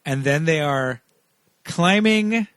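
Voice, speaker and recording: A man co-hosting a casual movie podcast, animated and laughing often as he acts out scenes. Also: fairly high pitch, slow, clear, resonant tone, no echo, studio quality. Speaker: podcast co-host. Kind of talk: casual chat.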